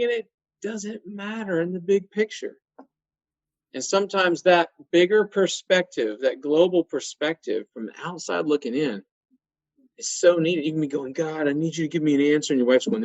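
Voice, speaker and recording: A man, telling stories in a folksy, animated way as a guest in a conversation. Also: medium pitch, dry recording. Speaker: guest, auto repair shop owner. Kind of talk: conversational interview storytelling. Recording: dry, muffled sound.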